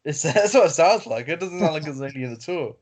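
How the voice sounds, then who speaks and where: A man with a fairly high, expressive voice and a darkish tone reads a story aloud while co-hosting a podcast over a video call. In casual chat, he reads haltingly, with many fillers, restarts, and self-corrections. The call audio is lo-fi.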